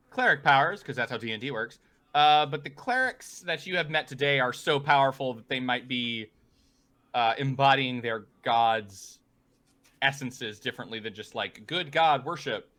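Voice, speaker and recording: A man's voice: mid-range voice, moderate pace, pushed and bright. A man narrating as game master in a tabletop game, rambling with frequent fillers.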